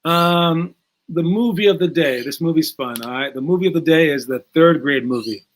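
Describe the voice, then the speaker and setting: A man coaching young basketball players in a casual talk, energetic, with many fillers and repeated words. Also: on the high side, moderate pace. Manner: energetic, acts out movie scenes in raised voices.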